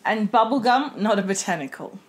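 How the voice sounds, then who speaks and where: A woman's voice: mid-range voice, expressive, a little fast. A woman co-hosting a podcast, chatting casually and tossing in playful jokes. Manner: playful, jokey asides. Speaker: podcast co-host. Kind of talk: casual chat.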